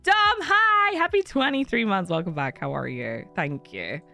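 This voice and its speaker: Bright-voiced woman streamer, animated storytelling. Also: sits low, normal speed, creaky, no room sound, faint music behind. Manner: animated storytelling, acts out other voices, swears, laughs often. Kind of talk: casual chat with stream viewers.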